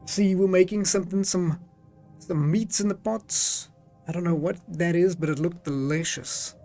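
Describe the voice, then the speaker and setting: A man's voice: sits high, fairly even intonation, moderate pace, dark tone, faint music behind. A man streaming a game live, chatting casually and reading its text aloud, laughing often.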